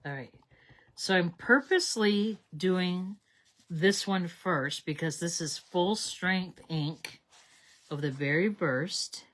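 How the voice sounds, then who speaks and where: A woman's voice: fairly low pitch, slow pace, a bit bright. A woman hosting a live card-making stream, chatting as she talks herself through each step at her craft table. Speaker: crafting livestream host.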